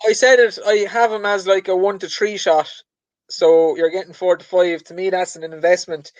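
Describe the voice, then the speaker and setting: A man's voice: sits high, flat delivery, moderate pace, dry recording, lo-fi sound. A man co-hosting a podcast, talking casually about betting in an easygoing, self-deprecating way. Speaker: podcast co-host.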